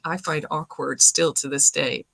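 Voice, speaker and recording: Woman chatting on a call, bright forceful voice, laughs a lot, dry close sound. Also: low-pitched, a little slow, creaky, no room sound. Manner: lively, laughing, animated storyteller. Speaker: guest, singer and voice actor. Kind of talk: casual video-call chat.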